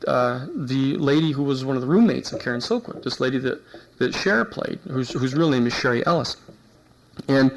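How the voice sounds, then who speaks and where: A man giving a university lecture, telling an anecdote in an animated way and acting out the people he quotes. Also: mid-range voice, rough recording. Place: lecture hall.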